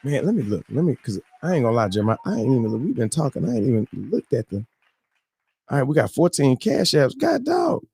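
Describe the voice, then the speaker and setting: A man's voice: medium pitch, sing-song, quick pace, gravelly, a little mellow, slightly rough, dry recording, clean studio sound. A man, hosting a live morning stream in loose, joking casual chat full of slang and fillers.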